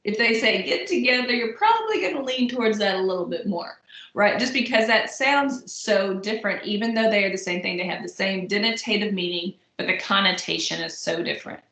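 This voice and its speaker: A woman's voice: medium pitch, lively intonation, a little fast, a bit bright. A young adult woman giving a recorded college lecture in a casual, conversational way, with plenty of fillers and restarts. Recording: echoey room.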